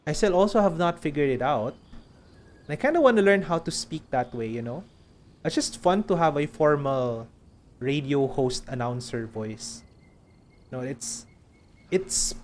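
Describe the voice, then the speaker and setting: A man's voice: on the high side, slight background noise. A man with a Filipino accent chatting casually while streaming a game, rambling and laughing often.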